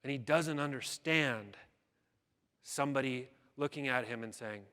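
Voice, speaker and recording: A man's voice: mid-range voice, a little slow, pushed and bright. Man telling a story in a reverberant hall. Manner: dramatic storytelling with quoted voices. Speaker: keynote speaker. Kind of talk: storytelling keynote speech.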